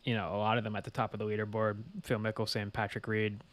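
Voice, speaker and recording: A man's voice: on the low side, monotone, fast talker. A young man co-hosting a podcast, speaking in an easygoing way with frequent "I mean" and "you know". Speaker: podcast co-host. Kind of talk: casual sports chat.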